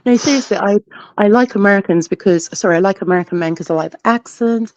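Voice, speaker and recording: A woman with a warm, mellow voice who chats casually and pushes back earnestly. The sound is dry and a little dull, like a lo-fi call. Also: medium pitch, fast, no echo. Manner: earnest, protesting. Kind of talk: casual chat.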